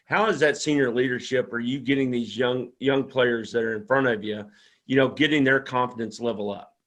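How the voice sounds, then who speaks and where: A man's voice: mid-range voice, fairly even intonation, a little fast, a bit bright. A man hosting a local sports show, asking chatty, folksy questions full of fillers. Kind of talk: casual sports interview.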